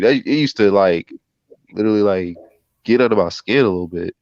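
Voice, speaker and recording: Low-voiced man, relaxed and reflective. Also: brisk, dry recording, highs cut off. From North Carolina. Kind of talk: casual chat.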